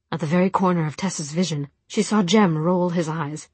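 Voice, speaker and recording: A woman narrating an audiobook in soft, measured storytelling with a breathy voice. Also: on the low side, no echo. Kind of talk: scripted narration.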